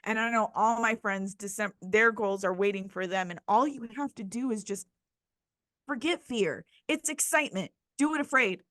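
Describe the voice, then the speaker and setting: A woman co-hosting a podcast in casual chat, excited and emphatic, swearing freely. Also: mid-range voice, moderate pace, dry recording. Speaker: podcast co-host.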